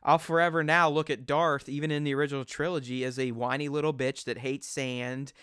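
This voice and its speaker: A man ranting in casual chat, swearing freely and acting out quotes. His voice is bright and tense, with a smooth, crisp tone. The sound is close and dry, with no room in it. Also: medium pitch, brisk, no echo. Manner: profane, animated ranting with acted-out quotes.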